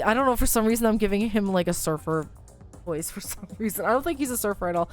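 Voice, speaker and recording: A woman's voice: medium pitch, quick pace, soft background music, poor audio. A woman hosting a let's play, reading a visual novel aloud with chatty, self-amused asides. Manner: chatty, laughs at herself, trails off mid-thought.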